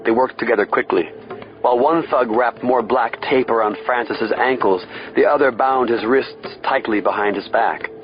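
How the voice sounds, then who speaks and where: A man's voice: medium pitch, normal speed, dull audio, soft background music. A man giving a dramatic, tense scripted thriller narration. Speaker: audiobook narrator.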